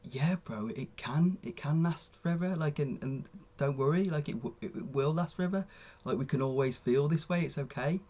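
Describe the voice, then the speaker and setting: A man voicing a kind, compassionate inner voice, soft and soothing, partly whispered. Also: fairly high pitch, normal speed, pitched above the performer's own voice, lightly acted. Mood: reassuring.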